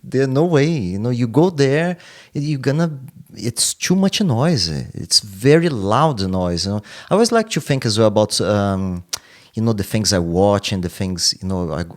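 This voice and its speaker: A man chats as a podcast host, his voice sitting fairly low. He talks earnestly and thoughtfully, pausing to hunt for the right word. His tone is relaxed and conversational. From Brazil. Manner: earnest, reflective, searches for words. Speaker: podcast host and martial arts coach. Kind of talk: casual interview chat.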